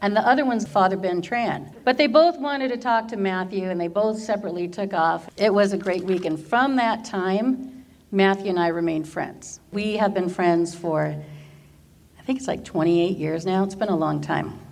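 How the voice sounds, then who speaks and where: A middle-aged woman from Orange County, California, giving a personal faith testimony as an animated storyteller who laughs often. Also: medium pitch, moderate pace. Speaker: teacher and church worker.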